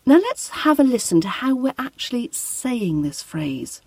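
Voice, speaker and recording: A woman with a British RP accent teaching English pronunciation, modeling phrases clearly for the listener to repeat. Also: fairly high pitch, sing-song, a little slow, hardly any pauses, a little mellow, no echo. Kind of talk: pronunciation lesson.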